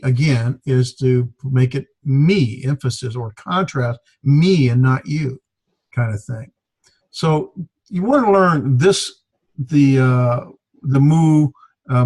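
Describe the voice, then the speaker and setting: A man teaching a Greek grammar class, explaining in a halting way with many fillers. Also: mid-range voice, darkish tone. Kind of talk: classroom lecture.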